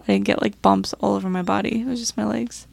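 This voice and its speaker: A woman's voice: medium pitch, fairly even intonation, quick pace, creaky, darkish tone, no room sound. A woman co-hosting a podcast in casual chat, swearing often and filling her talk with "like". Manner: swears often, chatty, trails off with "like". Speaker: podcast co-host.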